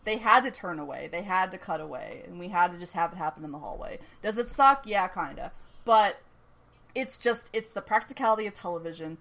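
A woman co-hosting a podcast in casual chat, animated, laughing often and swearing casually. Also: fairly low pitch, fairly quick. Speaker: podcast co-host. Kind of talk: casual chat recapping a TV episode.

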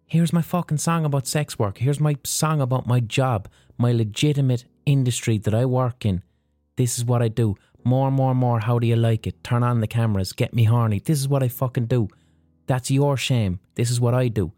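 A man's voice: medium pitch, moderate pace, mellow, dry recording, soft background music, close to an everyday voice. A man voicing a frustrated, defiant woman who swears emphatically in quoted lines.

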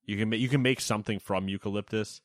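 A man's voice: fairly low pitch, steady tone, fast talker, no echo, clean studio sound. A man co-hosting a video game podcast, chatty and joking as he banters and runs through new releases. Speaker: podcast co-host. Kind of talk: casual banter and news rundown.

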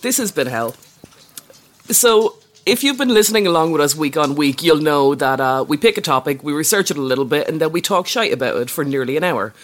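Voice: medium pitch, animated, a little fast. A podcast co-host chatting casually and trading dry, sarcastic quips. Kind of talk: casual comedic podcast chat.

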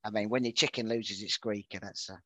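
A man hosting a casual football chat, chatty and laughing, often trailing off quietly. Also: lowish voice, fairly even intonation, a little fast, dry recording. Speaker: podcast host.

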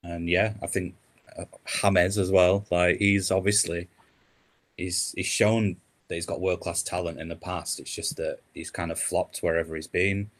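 Deep-voiced easygoing man. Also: level tone, normal speed. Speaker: podcast guest. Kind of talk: casual football podcast chat.

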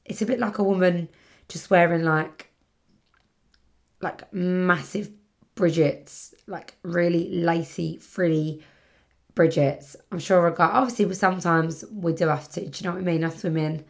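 A woman's voice: fairly low pitch, fairly even intonation, a little slow, creaky. A British woman hosting a casual solo podcast, chatting in a rambling way, full of fillers and self-corrections. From Britain. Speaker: podcast host. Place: home setting near the seaside.

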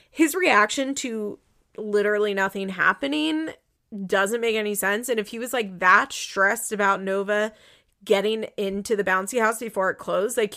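A woman's voice: a little high, vocal fry, bright, forceful tone. A woman giving a casual, rambling recap of a reality show, opinionated and indignant, with many "like" fillers. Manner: rambling, chatty, lots of "like" fillers.

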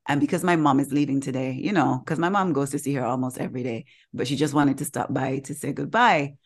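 A woman co-hosting a podcast, telling a personal story in a casual, animated way and acting out the voices of the people in it. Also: rumbling low, quick pace. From Caribbean. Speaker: podcast co-host. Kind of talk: casual chat.

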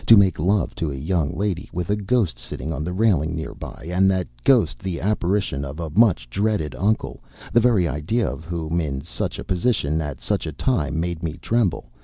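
A man narrating a story in the first person, expressive and melodramatic. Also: low voice, normal speed, vocal fry, slightly rough, dry recording, dull audio. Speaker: audiobook narrator.

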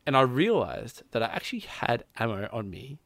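A man's voice: mid-range voice, very animated, moderate pace, creaky, a bit bright, dry recording. A man casually telling a long story about a game, rambling with plenty of fillers and quoted lines. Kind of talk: casual chat.

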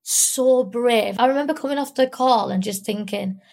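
A woman's voice: fairly high pitch, moderate pace, vocal fry, darkish tone. Tearful young woman, candid and rambling. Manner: candid, rambling with many fillers. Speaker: guest. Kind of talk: emotional personal interview.

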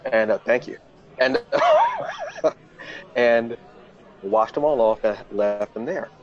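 A male podcast host telling a casual, self-mocking story and jumping into high, flustered voices when he quotes himself. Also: wildly swooping pitch, takes it slowly, dull audio.

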